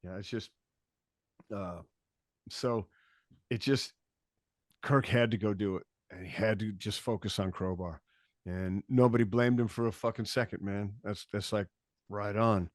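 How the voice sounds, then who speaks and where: Low-voiced laid-back man telling stories. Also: steady tone, a little slow, pauses often, no echo, clean studio sound. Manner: laid-back storytelling, frequent restarts and swearing. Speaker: podcast guest, touring musician. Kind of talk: casual interview chat.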